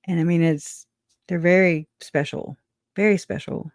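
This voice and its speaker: A slow, unhurried speaker on a casual livestream, thinking aloud with frequent restarts and soft laughs. The voice sits at a middling pitch. The sound is close and dry. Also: fairly even intonation, no room sound.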